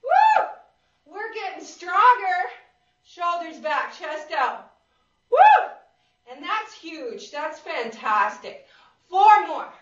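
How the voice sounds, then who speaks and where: Whooping, high-voiced woman fitness instructor. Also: expressive, slow pace, a bit bright. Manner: upbeat, encouraging, counts reps and whoops. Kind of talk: leading a workout class. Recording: roomy, distant and dull.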